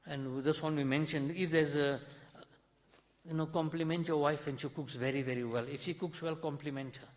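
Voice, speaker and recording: South African male preacher, earnest and chatty, slightly high voice, long mosque reverb. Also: steady tone, a little fast. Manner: earnest, conversational preaching with acted-out stories. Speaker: mufti giving a talk in a mosque. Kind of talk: sermon. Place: mosque hall.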